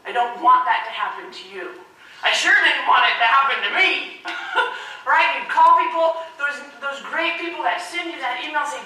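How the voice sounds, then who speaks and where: A woman gives a keynote speech, energetic and animated, throwing questions out to the crowd. Her voice sits high and comes across bright and forceful. She is recorded from a distance in a big echoing hall. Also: unhurried. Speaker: motivational speaker. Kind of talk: keynote speech to a live audience. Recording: echoey hall, mic from far off.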